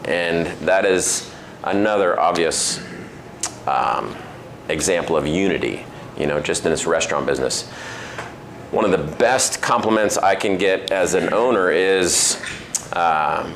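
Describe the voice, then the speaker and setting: Lowish man telling stories in a restaurant. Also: a bit bright, slight background noise. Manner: storytelling, acts out quoted voices, many fillers. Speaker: restaurant owner giving a talk. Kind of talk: casual talk to a men's group. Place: restaurant dining room.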